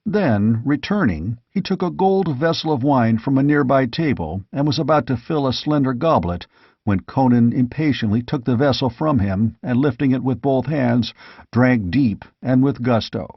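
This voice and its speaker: A man narrating an audiobook in a measured, steady storytelling manner. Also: medium pitch, slightly rough, no room sound. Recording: dull, dry lo-fi audiobook recording.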